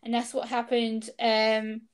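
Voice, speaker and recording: A woman, an interview guest, telling personal stories in an animated way and acting out the dialogue. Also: on the high side, slow, clear, resonant tone.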